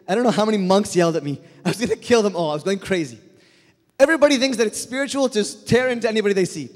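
A man preaching a sermon in a church, blunt and animated, mixing Arabic words into his talk. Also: fairly high pitch. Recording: echoey hall with long reverb.

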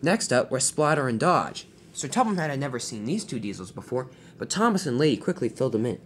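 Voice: medium pitch, big pitch swings, fast, a little hiss or hum. A storyteller narrating a homemade toy-train adventure, with frequent slips and restarts.

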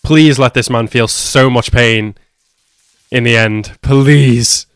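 A man giving a live reaction to an anime episode, his voice sitting at an ordinary middle pitch. He drops to low mutters and then bursts into loud, cursing shouts. The recording is close and dry. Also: fairly even intonation, slow pace, clear, resonant tone, no room sound. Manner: swings from hushed muttering to loud swearing outbursts.

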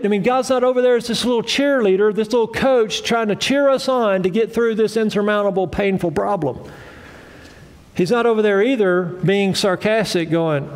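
Emphatic high-voiced male preacher. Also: normal speed. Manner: emphatic, repetitive, conversational preaching; asks the congregation questions. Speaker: pastor. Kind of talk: sermon.

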